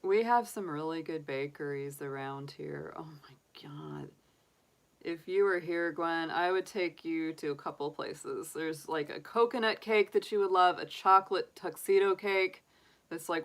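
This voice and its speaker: A middle-aged woman hosting a tarot livestream, chatting casually with viewers, often laughing and talking straight to them. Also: sits low. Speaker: tarot reader and channel host.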